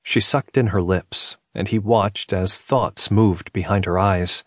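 Man, audiobook narrator, romance novel, husky, dry studio sound. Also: low-pitched, slow, no echo.

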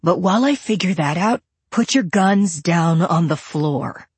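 Audiobook villain: woman reading a cold, cornered killer with slow, low whispered threats. Husky, dry delivery. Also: animated, dry recording, full character voice. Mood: menacing. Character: cornered male serial killer, cold and menacing.

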